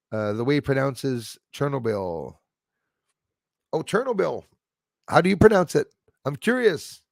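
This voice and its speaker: A man hosts a casual livestream, reading chat and addressing viewers by name while often tripping over his words. His voice is medium-pitched and creaky, captured in a dry, clean studio recording.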